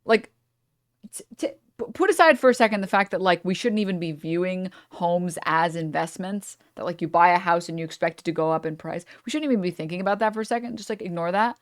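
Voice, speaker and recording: A woman's voice: on the low side, fast talker, no room sound, clean studio sound. A woman streamer reacting to clips in casual commentary, profane and rambling, cutting herself off mid-thought. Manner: profane, rambling, self-interrupting.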